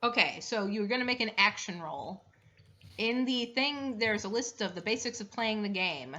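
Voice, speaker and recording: Giggly woman gm explaining rules, bright voice, muffled lo-fi sound. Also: mid-range voice, lively intonation, moderate pace. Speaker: game master. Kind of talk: narrating and explaining a tabletop game. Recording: dull lo-fi recording.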